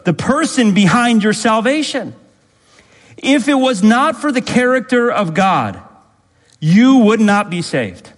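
Male pastor, higher-pitched, insistent sermon delivery, repeats his points, recorded in a reverberant sanctuary. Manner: emphatic, repetitive preaching with rhetorical questions. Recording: long reverb in a hall.

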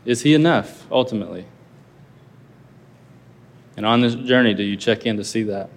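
A man's voice: on the low side, normal speed. A male pastor preaching a sermon earnestly, asking his listeners rhetorical questions. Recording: long reverb of a large hall.

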